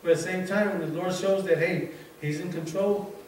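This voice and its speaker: A man giving an informal sermon as a church elder, telling a story from work with many halting restarts. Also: sits high, fairly even intonation, recorded from a distance. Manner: repetitive, halting restarts, conversational. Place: church sanctuary. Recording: very echoey room, voice off-mic, faint noise.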